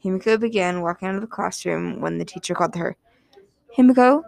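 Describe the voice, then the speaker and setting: A woman narrates a short story in a soft, even reading voice. Her tone carries a gravelly fry, some phrases slip into near-whispers, and the sound is close and dry with no room around it. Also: fairly low pitch, fast, no echo.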